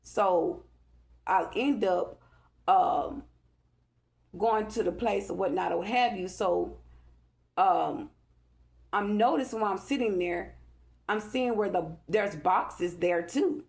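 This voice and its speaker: Gravelly-voiced woman ranting profanely. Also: mid-range voice, slow, long pauses, darkish tone. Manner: agitated, profane, repetitive. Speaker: vlogger. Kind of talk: angry rambling monologue to camera.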